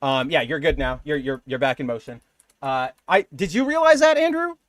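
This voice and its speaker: A man's voice: a little high, expressive, normal speed, fairly bright tone, no room sound, clean studio sound. A man co-hosting a comic book podcast, chatting casually and rambling with lots of fillers. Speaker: podcast co-host.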